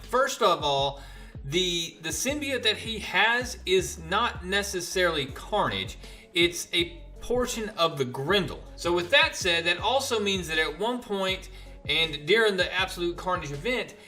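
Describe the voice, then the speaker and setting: A man chatting casually as he recaps comic book issues, telling the story in an animated way. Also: high voice.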